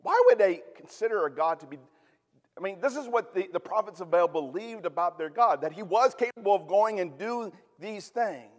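A man's voice: high voice, expressive, moderate pace, in a large hall. A man preaching a sermon in a conversational way, with humorous asides. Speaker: pastor.

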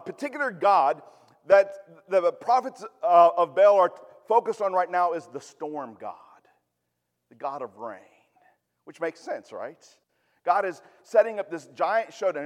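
A man's voice: high-pitched, big-room sound. A man preaching a sermon in a conversational way, with humorous asides. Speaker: pastor.

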